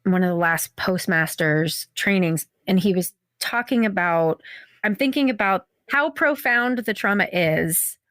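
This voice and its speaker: A woman hosting an interview, warmly affirming her guest with frequent murmurs of agreement. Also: mid-range voice, a little slow, no room sound, studio quality. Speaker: podcast host.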